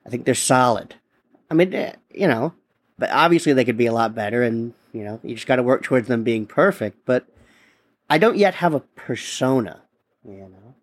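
A male podcast host and stand-up comedian talks in a loose, profane monologue. His voice sits at an ordinary middle pitch, and he rambles, restarts sentences and swears freely as he rants.

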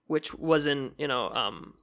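A man's voice: medium pitch, unhurried, fairly bright tone. A man from Michigan co-hosting a casual podcast chat, talking with many fillers and restarts. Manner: hesitant, lots of fillers and restarts. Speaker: podcast co-host.

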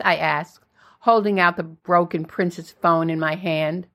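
An older woman narrating her own memoir in a plain, steady storytelling way. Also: lowish voice, unhurried.

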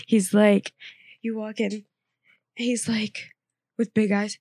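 A woman's voice: medium pitch, takes it slowly, dry recording. A young woman who works as an ICU nurse, chatting casually and acting out people as she tells a story. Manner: animated storyteller acting out quotes. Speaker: ICU charge nurse, podcast co-host. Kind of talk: casual chat.

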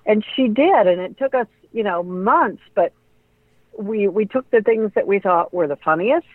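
A middle-aged woman, a radio personality and author, telling lively stories in an interview and acting out the voices of people she quotes. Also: medium pitch, moderate pace, no echo. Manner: animated storyteller who acts out quoted voices. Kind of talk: conversational storytelling interview. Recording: tinny phone-like line, dry.

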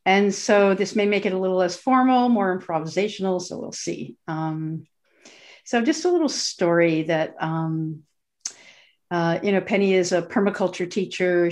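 A middle-aged woman with a fairly low voice introduces a podcast guest. She speaks earnestly and searches for her words, with fillers and restarts along the way. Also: a little mellow. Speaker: podcast host.

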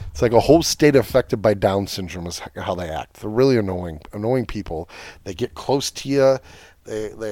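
A man's voice: medium pitch, a little mellow, no room sound. A man hosting a podcast, ranting in a casual, profane and sarcastic way about his football team. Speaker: podcast host. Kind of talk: casual sports rant.

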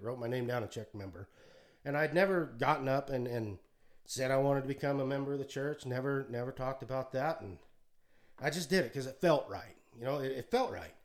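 A man in his thirties with a drawl speaks in an average-pitched voice, telling his faith story in a halting, folksy way. He restarts his sentences often and gets choked up, then rises into a pleading, sermon-like appeal. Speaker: podcast co-host sharing testimony. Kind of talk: emotional personal testimony, sermon-like. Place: alone at home.

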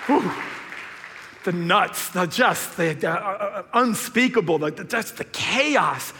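A man preaching a sermon as pastor, swinging between hushed lines and loud, excited bursts. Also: high voice, slow, some chatter behind, a little hiss or hum. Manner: animated, swinging from hushed to shouted. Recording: long hall reverb.

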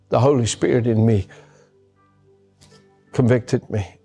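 A man's voice: medium pitch, slow pace, vocal fry, pauses often, darkish tone, breathy edge, faint music behind. A man preaching a sermon as a pastor, earnest and emphatic, often repeating his key words. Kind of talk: sermon with personal story.

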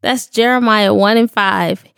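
A woman's voice: medium pitch, fairly even intonation, measured pace, creaky, fairly bright tone, clear, resonant tone, no echo. A woman speaking in a studio, giving a candid, emotional devotional talk to her audience in a casual, slangy way.

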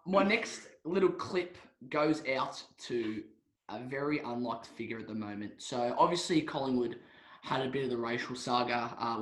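A man's voice: mid-range voice, a bit bright. Giggly young Australian man, roomy echo. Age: young adult. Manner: giggly, rambling banter. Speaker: podcast co-host. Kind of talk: comedic chat.

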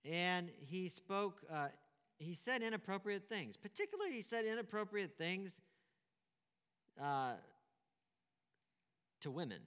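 A man's voice: high voice, big pitch swings, measured pace, long pauses, a bit bright, clean tone, in a large hall. A man preaching a sermon as pastor, emphatic, repeating key phrases and asking rhetorical questions.

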